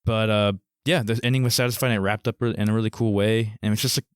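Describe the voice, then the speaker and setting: Brief: laid-back male podcast co-host, lower voice, dry sound. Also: fairly even intonation, fast talker, smooth, no echo. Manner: easygoing, hesitant with fillers while summarizing. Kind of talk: casual movie discussion.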